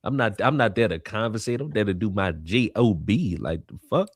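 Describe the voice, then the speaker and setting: A young man in casual crude banter, deadpan and blunt, swearing freely. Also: on the low side, moderate pace, husky, no room sound, clean studio sound. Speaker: co-host.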